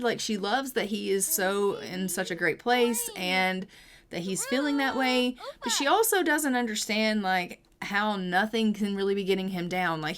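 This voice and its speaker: Young woman, chatty gameplay narrator, storytelling, casual, mid-pitched voice. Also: a bit bright. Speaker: gaming creator.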